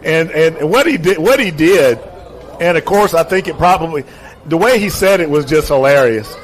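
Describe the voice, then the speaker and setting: A man hosts a relaxed talk show, with a voice pitched a little above most men's. He is chatty and laughs often as he tells his stories. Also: normal speed. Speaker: host and stadium announcer. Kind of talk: casual talk-show chat.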